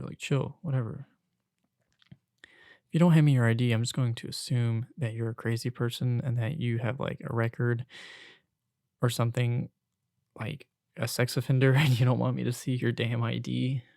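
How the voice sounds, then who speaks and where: A man's voice: mid-range voice, gravelly, darkish tone, no echo, studio quality. A young man hosting a podcast solo, venting in an exasperated, casual rant with some swearing. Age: young adult. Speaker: podcast host.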